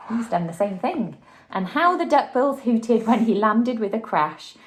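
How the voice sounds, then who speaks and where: A woman, a teacher, reading a picture book aloud to a child, shouting out the dinosaurs' lines and chatting about the pictures. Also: a little high, measured pace. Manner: lively, acts out the dinosaurs' shouts and chats with the child. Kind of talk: storybook read-aloud.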